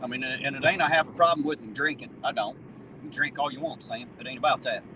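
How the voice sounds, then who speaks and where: With loud road noise filling the moving car, a channel host who works as an auditor chats casually and mockingly while driving, often swearing and laughing. He speaks at a quick pace with a medium-pitched voice.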